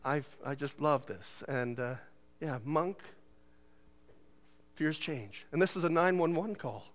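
A man's voice: fairly high pitch, slow. A man preaching a sermon in a church, joking and laughing often and putting on voices when he quotes people. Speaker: pastor. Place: church sanctuary.

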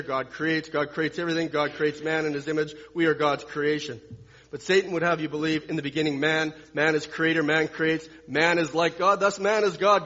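Husky preacher man in a reverberant hall. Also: fairly high pitch. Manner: dramatic swings from loud to hushed, repeats phrases for emphasis. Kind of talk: sermon. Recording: dull long-reverb hall sound.

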